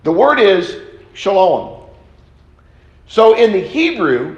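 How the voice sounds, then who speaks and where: Slow-speaking high-voiced male preacher. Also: big pitch swings, roomy sound, lo-fi sound. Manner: slow, deliberate teaching with repeated phrases. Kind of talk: sermon. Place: church auditorium.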